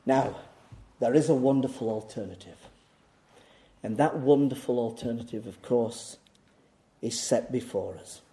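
A man preaching a sermon, emphatic and insistent, repeating key words and putting rhetorical questions to the congregation, moving between raised urgency and quiet asides. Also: medium pitch, unhurried, long pauses.

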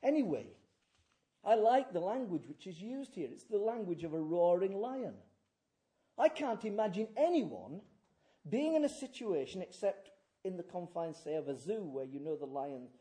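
A man preaching a sermon. He swings from hushed, near-whispered lines to loud, emphatic declamation. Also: high-pitched, sing-song, normal speed.

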